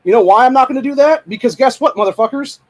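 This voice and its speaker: Brief: young male host, high and quick, heated profane rant that often turns to shouting. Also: poor audio. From Ohio. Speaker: podcast host. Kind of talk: angry political rant.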